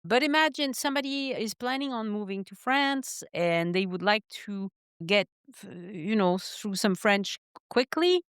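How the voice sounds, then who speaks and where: A woman's voice: mid-range voice, measured pace, fairly bright tone, clean tone, no echo, clean studio sound. Frank, emphatic woman podcast host. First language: not English. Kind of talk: interview conversation.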